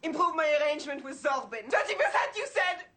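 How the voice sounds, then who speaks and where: A woman's voice: high-pitched, sing-song, quick pace, sharp tone, heavily acted. An actress playing a fed-up woman magician's assistant who hurls bitter accusations.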